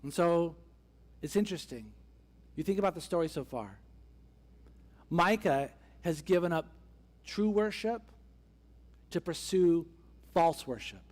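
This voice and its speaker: A man's voice: a little high, animated, measured pace, long pauses. A man preaching a conversational sermon as a pastor, acting out the characters' voices as he tells the story. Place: church sanctuary. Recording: long church hall reverb.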